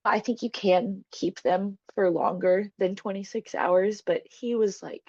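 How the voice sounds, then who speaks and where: A woman's voice: medium pitch, unhurried, darkish tone, husky, dry recording. A young woman telling a personal story as a podcast guest, candid and emotional, swearing freely and laughing often. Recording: dull, dry, lo-fi podcast sound.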